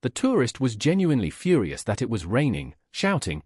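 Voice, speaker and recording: A man's voice: mid-range voice, wildly swooping pitch, a little fast, few pauses, a little mellow, slightly rough, no room sound, studio quality. A man narrating scripted anecdotes in a wry storytelling manner.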